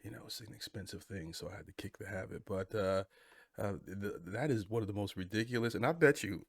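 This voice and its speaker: Deep-voiced laid-back man reacting. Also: fairly quick, creaky, no room sound, clean studio sound. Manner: laid-back, rambling, many asides. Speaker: reaction video host. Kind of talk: casual reaction commentary.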